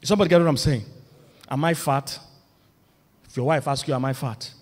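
A male pastor, preaching a lively, humorous sermon that builds to loud emphatic points. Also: fairly high pitch, a little fast. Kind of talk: sermon on marriage. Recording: long reverb of a large hall.

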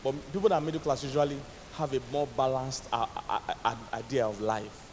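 A man with a Nigerian accent preaching a sermon as pastor, with lively, emphatic delivery and questions thrown out to the congregation. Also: mid-range voice, fast, big-room sound, slight background noise.

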